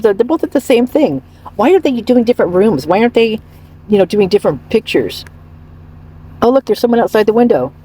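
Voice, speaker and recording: A woman hosting a casual commentary vlog, gossipy and rambling, with a husky voice. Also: fairly high pitch, mellow. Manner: rambling, gossipy, frequent restarts and laughs. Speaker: channel host commenting on celebrity photos.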